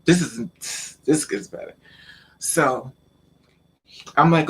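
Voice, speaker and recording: A man telling a personal story in a casual vlog, talking in an animated way with stammering repeats and acting out the lines of the people in it. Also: on the high side, takes it slowly, long pauses. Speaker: vlogger.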